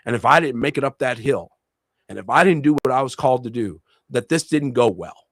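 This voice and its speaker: A man's voice: mid-range voice, expressive, brisk, dry recording. A middle-aged man from Puerto Rico sharing a personal testimony in a religious discussion, speaking with passion and repeating his key phrases for emphasis. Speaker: co-host and minister.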